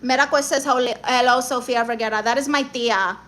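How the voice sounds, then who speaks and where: A young woman from Puerto Rico and Guatemala doing a sassy comedic livestream, reading viewer comments in a loud, brash, exclamatory way and dropping Spanish slang. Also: fairly high pitch, fairly even intonation, a little fast, low-quality recording.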